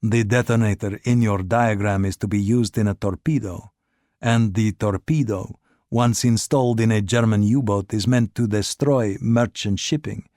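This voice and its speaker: A man voicing an obsequious, educated male agent who talks smoothly and persuasively, pressing with questions. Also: fairly low pitch, a little mellow, dry recording, clean studio sound.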